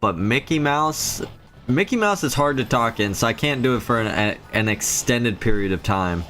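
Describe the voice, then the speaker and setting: A man's voice: medium pitch, animated, moderate pace, fairly bright tone, faint music behind. A man from the Philippines, chatting casually on a live game stream and answering chat.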